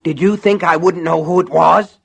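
A man voicing a furious, paranoid middle-aged man who rants and shouts threats in an audiobook. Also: fairly even intonation, moderate pace, vocal fry, husky, full character voice. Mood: accusing. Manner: shrill, ranting, shouting. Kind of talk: audiobook character voice.

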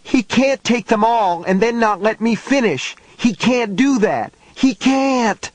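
A frantic, grief-stricken young boy screams and pleads in a frenzy, as a man reading the audiobook puts him on. The voice leaps far above the reader's own, loud and strained. It is recorded dry and close. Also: extremely high pitch, animated, takes it slowly, no room sound, pitched above the performer's own voice, full character voice. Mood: screaming frenzy.

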